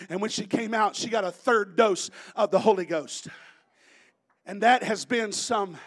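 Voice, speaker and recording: A man in his thirties from Florida, preaching a sermon as animated storytelling that bursts into shouting. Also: sits high. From Florida, USA. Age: 30s.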